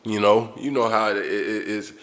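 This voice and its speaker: A man's voice: on the low side, fairly even intonation, moderate pace, fairly bright tone. Blunt, profane man ranting on a livestream. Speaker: livestream host. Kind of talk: unscripted livestream monologue.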